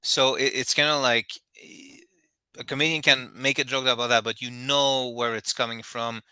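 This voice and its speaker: A man's voice: mid-range voice, steady tone, pushed and bright, smooth. A man hosting a talk show, chatting casually and often stopping to restart his sentences. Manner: halting, restarts often, many fillers. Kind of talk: casual interview chat.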